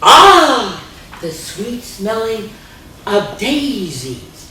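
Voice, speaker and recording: A woman's voice: mid-range voice, sing-song, drawn-out words, heavy reverb, distant mic, noisy background. A woman reading a storybook aloud and voicing a cheerful, gushing female character who loves spring. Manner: gushing, sing-song.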